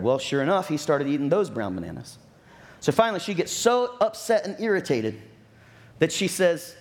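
A man preaching a sermon as pastor, telling stories and acting out what people said, with lively asides. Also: on the high side, normal speed. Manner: storytelling with acted-out quotes and lively asides.

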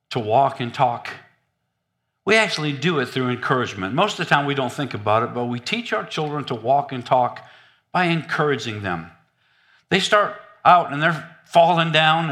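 A man preaching a sermon in an animated, humorous, conversational way. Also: mid-range voice.

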